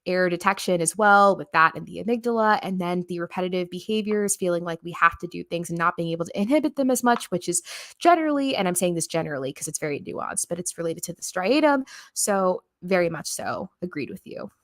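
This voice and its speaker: A woman's voice: lowish voice, expressive, brisk, no room sound, studio quality. A woman hosting a livestream, talking in a casual, earnest way with many fillers as she answers viewers. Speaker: livestream host.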